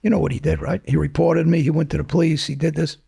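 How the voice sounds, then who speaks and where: A middle-aged man, talking bluntly and combatively as an interview guest, gruff and profane. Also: fairly high pitch, fairly even intonation, fast, mellow. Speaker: interview guest, former mobster.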